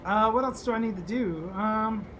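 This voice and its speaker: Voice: mid-range voice, normal speed, fairly bright tone, slight background noise. A gamer chatting casually while playing, humming and muttering as they go. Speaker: let's play gamer. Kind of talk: casual gameplay commentary. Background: game music.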